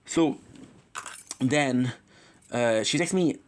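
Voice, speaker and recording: Male livestreamer with a mid pitch, confessional and rambling, emotional, self-correcting. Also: drawn-out words, slight background noise.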